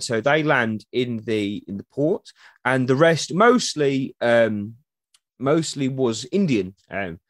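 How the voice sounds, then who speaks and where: Male history guest, loose and chatty storyteller, mid pitch, dry close sound. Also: no echo. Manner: chatty, animated, acts out quotes in the stories. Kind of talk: casual storytelling interview.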